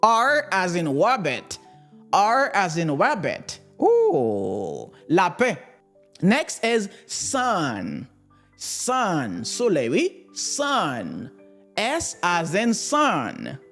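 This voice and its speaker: A woman with a Haitian accent leads an alphabet lesson at a very slow, deliberate pace. Her pitch rises and falls a lot as she repeats each word. Soft music plays quietly behind her. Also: huge pitch swings. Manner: slow, repeats words, switches between English, French and Creole. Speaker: language teacher.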